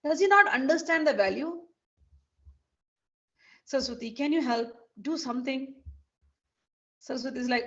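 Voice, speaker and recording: Woman, high voice, devotional storytelling, acts out characters, dull lo-fi sound. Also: normal speed, pauses often. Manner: animated, acts out the characters' lines.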